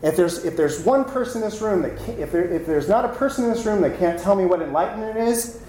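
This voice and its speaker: A speaker voicing a wild, brash old male Zen master who scolds his students in a mocking, rushed way. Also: high-pitched, lively intonation, warm tone, voice pushed up. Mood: scornful. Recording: roomy room with faint noise.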